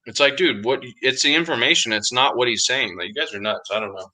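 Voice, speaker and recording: A man's voice: medium pitch, fairly quick, pushed and bright, low-quality recording. A man co-hosting a podcast in casual chat, talking emphatically and insistently and calling his friend "dude". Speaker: podcast co-host.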